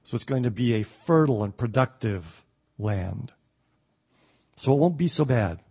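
A man teaching the Bible verse by verse, reading a passage aloud and then explaining it in plain words, with the odd pause and restart. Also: medium pitch, animated, a little mellow, breathy edge. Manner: thoughtful, with occasional ums and restarts.

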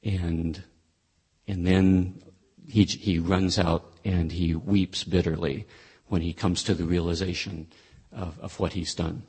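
A man's voice: low voice, flat delivery, takes it slowly, a little mellow, breathy edge. A man explaining a scripture passage as a Bible teacher, in a thoughtful, conversational way with frequent restarts.

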